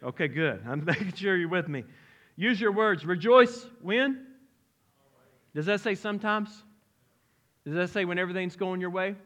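Pastor guy, middle-aged, preaching in church, kinda high voice, chatty and funny, keeps asking the crowd questions. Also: a little fast. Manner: lively, conversational preaching with humor and direct questions to the congregation. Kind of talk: sermon. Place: church sanctuary.

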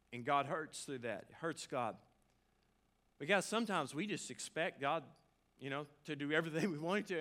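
A man's voice: on the high side, pushed and bright. A man preaching a sermon as pastor, casual and joking with asides to the congregation. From Arkansas.

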